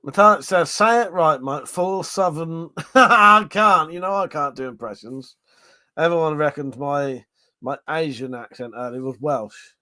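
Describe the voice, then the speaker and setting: A man's voice: on the high side, a little slow, sharp tone, dry recording. A man hosting a livestream, casually chatting, reading viewer comments and laughing often through crude banter. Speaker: livestream host.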